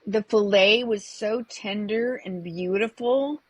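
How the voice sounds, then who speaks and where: A woman's voice: mid-range voice, slow, breathy edge, no echo. A woman guest, a comedian and presentation coach, speaking in an upbeat, enthusiastic way in a casual interview.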